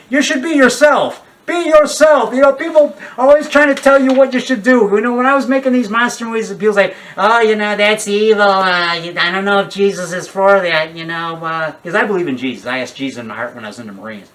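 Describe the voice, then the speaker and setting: Older guy rambling about his movies and stuff, kinda high voice, sounds a bit far from the mic. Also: animated, fast, hardly any pauses, fairly bright tone. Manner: rambling, digressive, with many restarts and asides. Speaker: guest, horror filmmaker. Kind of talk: casual rambling talk.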